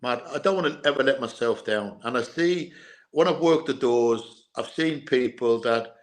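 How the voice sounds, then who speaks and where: A man's voice: medium pitch, moderate pace. Irish-english ex boxer guy chatting in an interview, earnest, keeps repeating himself. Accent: Irish with English mix. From Ireland. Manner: repetitive, earnest storytelling with restarts. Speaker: guest, former boxer and bodyguard. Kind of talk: casual interview chat.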